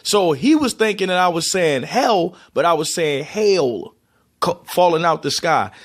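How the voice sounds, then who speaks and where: Speaking at a moderate pace with lively intonation and a fairly high pitch, a male vlogger from Baltimore, USA, uses his Baltimore accent to casually show and explain word pronunciations. He often restarts his sentences loosely.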